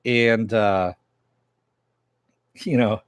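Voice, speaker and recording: Low-voiced man casually recapping a TV episode. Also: fairly even intonation, extremely slow, clean tone, dry recording. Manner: rambling retelling that acts out quoted dialogue, chuckling now and then. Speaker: TV series reviewer.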